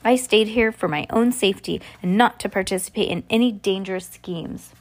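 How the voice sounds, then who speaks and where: A woman reading aloud as a wary female escaped prisoner who wants safety, with her voice pitched higher. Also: moderate pace, lightly acted. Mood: insistent.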